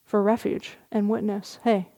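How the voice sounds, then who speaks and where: A middle-aged woman, a meditation teacher, giving a dharma talk at a retreat, telling a story gently with soft laughs. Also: mid-range voice, moderate pace.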